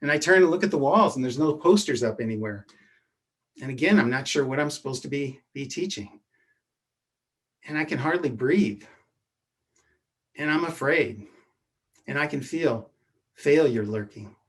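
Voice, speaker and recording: A man telling a true personal story from his youth, in a measured way that often drops to a hushed voice. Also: medium pitch, lively intonation. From Edwardsville, Illinois.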